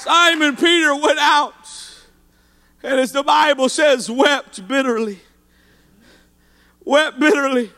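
A man preaching a sermon to his church, building from calm storytelling to shouted, sing-song exhortation with "uh" between phrases. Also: very high voice, takes it slowly, long pauses, long reverb tail, a faint crowd.

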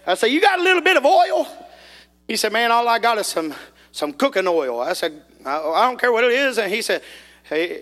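Man, preacher, high voice, folksy sermon storytelling, bursts of shouting, long church reverb. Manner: folksy, animated, rises to shouting. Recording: echoey hall reverb.

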